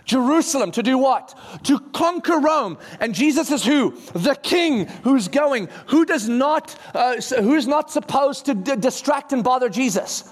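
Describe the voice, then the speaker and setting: A young man preaching a sermon, telling the story in a lively way and acting out the people in it. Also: extremely high pitch, measured pace, few pauses. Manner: animated storytelling, acting out characters.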